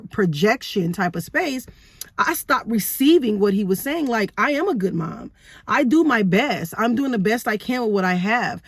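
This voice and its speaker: Woman, 30s, earnest, rhetorical questions, frequent "right?", medium pitch, dry room. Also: dry recording. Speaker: vlogger sharing parenting experience. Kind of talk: personal story to camera.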